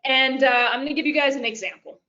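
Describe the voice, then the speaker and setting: A woman's voice: sits high, steady tone, fast talker, pushed and bright. A woman business coach giving a live webinar presentation, talking directly and casually to her audience with frequent fillers. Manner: chatty and direct, addresses "you guys", frequent fillers. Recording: lo-fi webinar audio.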